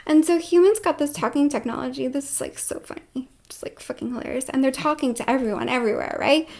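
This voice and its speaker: A woman with a high voice talks straight to the camera in a loose, rambling monologue. She fills her talk with fillers and swings between loud stretches and hushed ones. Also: fast talker, few pauses. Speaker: vlogger.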